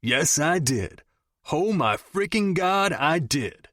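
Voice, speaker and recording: A man's voice: a little high, very animated, slow, a bit bright, dry recording, clean studio sound, pitched above the performer's own voice, exaggerated voice. A man doing a smug, teasing buddy. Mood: gleeful. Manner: smug, joking banter. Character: cocky, teasing young man, best friend.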